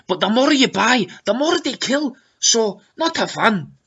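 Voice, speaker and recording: A man's voice: very high voice, sing-song, measured pace, fairly bright tone, slightly rough, dull audio, voice pushed up, full character voice. A man voicing an indignant woman commenter in a put-on Scottish accent. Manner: indignant, reading aloud in put-on voice.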